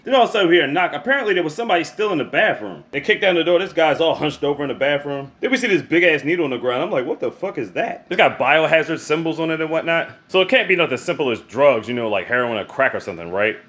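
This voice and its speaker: A man casually recapping a movie plot in slangy, profane, animated storytelling, acting out the characters' lines. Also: a little high, fast talker, few pauses. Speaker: movie reviewer.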